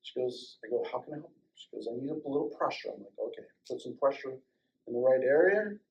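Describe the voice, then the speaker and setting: An older man from Colorado, a chiropractor, telling a personal story to a small audience, acting out the dialogue and dropping to a hush at tender moments. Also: mid-range voice, big pitch swings, quick pace, vocal fry, lo-fi sound. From Colorado, United States. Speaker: chiropractor and guest speaker.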